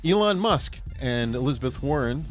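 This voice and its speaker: A man of middling pitch hosts a loose, casual stream. He rambles with lots of ums and restarts, often breaking into laughter at himself. Faint music plays under his voice. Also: animated, moderate pace. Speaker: podcast host. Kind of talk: casual political chat stream.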